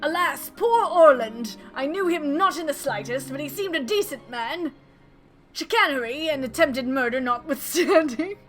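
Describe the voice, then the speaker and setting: A woman voicing a pompous male gentleman inspector in fan voice acting of a game, speaking in grand archaic phrases. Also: high-pitched, lively intonation, normal speed, soft background music. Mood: mock solemn.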